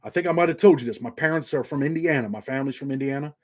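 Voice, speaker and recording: A man's voice: medium pitch, racing, slight background noise. Casting note: forties male vlog host, New York native with a slight country twang, laid-back and streetwise. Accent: slight Southern country twang. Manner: laid-back, streetwise, drops "man" constantly. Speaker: channel host. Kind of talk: casual monologue to viewers.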